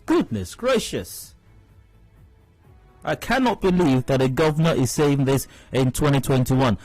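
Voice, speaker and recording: Indignant Nigerian radio host. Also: male voice, on the high side, darkish tone, no echo, low-quality recording. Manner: indignant, emphatic, repeats phrases for stress. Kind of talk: opinionated radio commentary. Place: radio studio. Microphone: studio mic.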